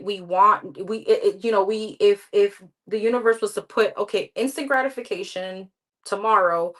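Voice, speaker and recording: A woman's voice: mid-range voice, fairly bright tone, rough recording. A woman giving live tarot readings in a candid, chatty way, talking straight to her viewers. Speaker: tarot reader.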